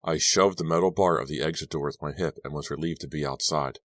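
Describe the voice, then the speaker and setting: A man's voice: extremely low pitch, fast, a bit bright, no room sound. A man reading an audiobook aloud as tense first-person storytelling. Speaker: audiobook narrator. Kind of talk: scripted audiobook narration.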